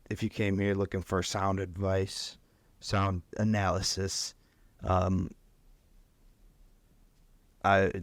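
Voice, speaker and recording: A man's voice: deep voice, creaky, no echo. A man hosting a solo sports podcast, joking and rambling through topics with a self-mocking tone. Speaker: podcast host.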